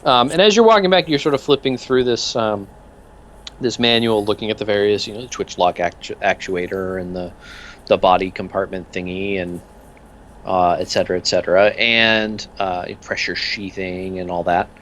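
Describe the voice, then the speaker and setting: A man's voice: deep voice, steady tone, moderate pace, fairly bright tone, slight background noise. A man narrating as game master in a tabletop game, rambling with many fillers and restarts.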